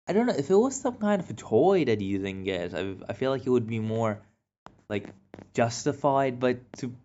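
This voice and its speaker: A man's voice: medium pitch, darkish tone. A man telling a casual storytime monologue in a rambling way, full of fillers and restarts. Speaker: vlogger. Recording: dull lo-fi recording.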